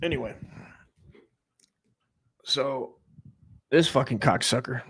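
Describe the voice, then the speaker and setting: A man's voice: mid-range voice, slow pace, breathy edge. Rambling, profane man in his forties. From United States. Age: 40s. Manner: rambling, profane, excitable, restarts often. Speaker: comedy stream host. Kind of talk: rambling profane comic monologue.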